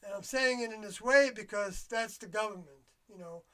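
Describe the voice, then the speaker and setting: An older livestream host speaks in a rambling, reflective solo monologue. The speech is halting, with trailing phrases and pauses while searching for words. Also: mid-range voice, bright, forceful tone. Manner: reflective and confiding. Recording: voice a bit distant from the mic.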